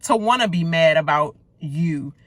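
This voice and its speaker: A woman's voice: sits low, expressive, a little slow, dry recording. A woman giving a casual, outspoken reaction rant about a reality show, talking loosely with slang and lots of fillers. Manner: blunt, outspoken, heated ranting.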